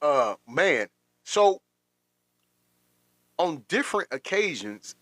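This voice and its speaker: A man's voice: fairly high pitch, sing-song, takes it slowly, a bit bright, dry recording, studio quality. Rambling, laughing livestream host man. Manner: rambling, repeats words, laughs often. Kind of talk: casual commentary on a livestream.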